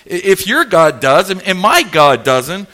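A swaggering prophet with a sharp, bright edge, taunting his rivals with open sarcasm, as a man acts him out. He sits high in pitch and drawls his jabs slowly. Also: very animated, exaggerated voice. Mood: challenging. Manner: mocking, swaggering.

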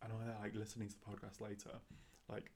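A man's voice: on the low side, monotone, fast, warm tone, a little hiss or hum. A man co-hosting a podcast in casual chat, giggly and rambling. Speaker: podcast co-host.

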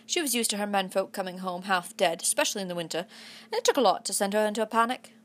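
A woman narrating a children's adventure story aloud in a put-on English accent, with a steady storytelling delivery. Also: mid-range voice, fast. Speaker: audiobook reader.

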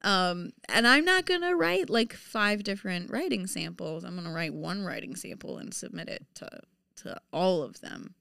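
A woman's voice: lowish voice, moderate pace, gravelly, a bit bright, dry recording, studio quality. A woman in her thirties co-hosting a casual chat, laughing often and talking with many fillers and restarts. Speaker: podcast co-host.

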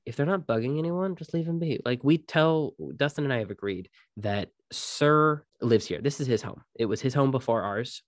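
A young man co-hosting a podcast, casually telling ghost stories and swearing freely in relaxed chat. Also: medium pitch, normal speed, few pauses, no echo, clean studio sound. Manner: relaxed, swears freely, quotes others in his own voice. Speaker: podcast co-host.

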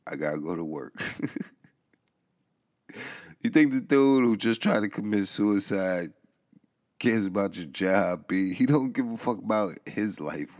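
A young man with a New York accent, hosting a casual podcast monologue in loose, profane storytelling style. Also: fairly low pitch. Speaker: podcast host. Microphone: headphones and home mic.

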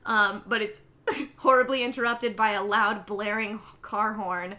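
A woman's voice: medium pitch, measured pace. A woman on a podcast, casually recapping a film scene by scene and acting out the characters' lines. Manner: animated storytelling, acts out the characters' lines. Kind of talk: casual chat.

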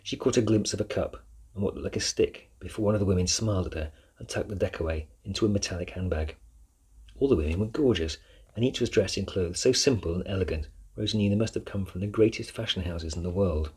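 A man reading an audiobook aloud in a steady storytelling manner. His voice sits very low and sounds heavily husky throughout. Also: quick pace. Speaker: narrator. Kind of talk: audiobook narration.

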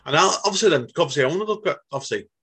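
A man's voice: a little high, expressive, rapid-fire, sharp tone, slightly rough. A man from England hosting a casual interview chat, often restarting and repeating "obviously". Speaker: host.

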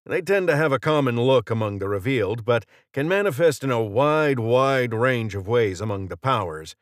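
A man reading the lines of a gruff male mercenary who talks in brusque, clipped banter. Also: medium pitch, no room sound, clean studio sound, close to an everyday voice.

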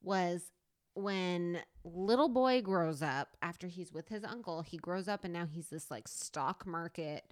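A woman co-hosting a podcast, talking emphatically and excitably with lots of fillers. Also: fairly low pitch, unhurried, dry recording, studio quality. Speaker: podcast co-host. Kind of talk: casual chat.

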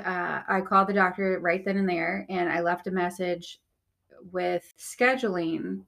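A woman's voice: lowish voice, steady tone, unhurried, gravelly, a bit bright. A woman speaking as a podcast guest, candidly recounting a personal story in casual conversation with many "like" fillers. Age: young adult or older.

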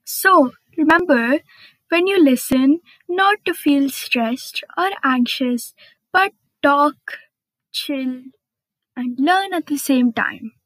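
Slow and high, with a fairly bright tone, this woman's voice comes through a low-quality recording with no room sound. She runs a solo podcast, bubbly and chatty, full of fillers and small self-directed laughs.

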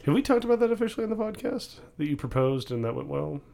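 A man's voice: on the high side, big pitch swings, gravelly, mellow. A young man co-hosting a casual podcast, teasing his partner with dry humor. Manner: dry, teasing, quick to laugh. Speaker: podcast co-host.

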